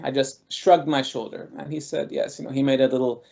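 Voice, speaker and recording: A male guest scholar recalling personal experiences in a thoughtful, measured way, with frequent pauses. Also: on the high side, fairly even intonation, creaky, warm tone. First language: Armenian. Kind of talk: reflective personal storytelling.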